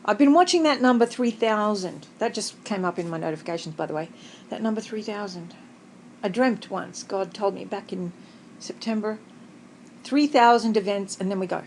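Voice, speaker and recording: Aussie woman rambling to her subscribers from a hotel bed, chatty, laughs a lot, middle-pitched voice. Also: normal speed, darkish tone, a little hiss or hum, rough recording. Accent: Australian. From Australia. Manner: rambling, conversational, often laughing. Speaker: vlogger. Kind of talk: casual chatty personal vlog. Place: hotel room, sitting up in bed.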